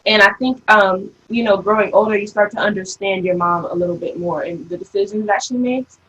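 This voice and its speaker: A woman in her early twenties, a daughter, telling stories in a casual panel chat with an animated, laughing manner. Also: mid-range voice, fairly quick, slightly rough, muffled recording. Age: early 20s. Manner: animated storytelling, laughs often.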